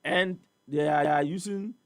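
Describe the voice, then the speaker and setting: Ghanaian guy on a morning talk show, high voice, really dry studio sound, keeps hammering his point with questions. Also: normal speed, no echo. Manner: emphatic, repetitive, rhetorical questions. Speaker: studio guest on port trade. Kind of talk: animated talk-show discussion.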